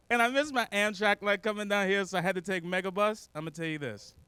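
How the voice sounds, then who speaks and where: A man doing a stand-up comedy set on a club stage, animated and quick to break into loud character voices. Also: high-pitched, smooth.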